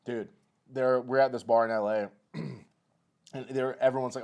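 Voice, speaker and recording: A man's voice: medium pitch, steady tone, a little mellow. A man in his forties co-hosting a podcast, chatting casually in a crude, joking way. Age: 40s. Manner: profane, joking, quick-talking. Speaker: podcast co-host. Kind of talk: casual chat. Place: Los Angeles area.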